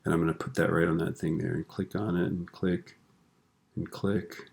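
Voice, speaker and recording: A relaxed male teacher with a very low, gravelly voice walks through a software lesson at his computer. He keeps checking in with "right?" and slips corny jokes between the steps. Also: moderate pace. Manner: relaxed, tells corny jokes, frequent tag questions. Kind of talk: screen-recorded software lesson.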